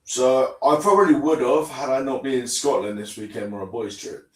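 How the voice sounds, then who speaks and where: A man's voice: mid-range voice, normal speed. A man from England co-hosting a casual football fan podcast, chatty and self-deprecating. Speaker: podcast co-host. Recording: roomy, slightly distant mic.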